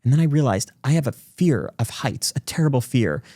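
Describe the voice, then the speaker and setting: A man in his forties, a podcast guest telling stories in fast, animated conversation. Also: medium pitch, no room sound, studio quality. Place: recording studio.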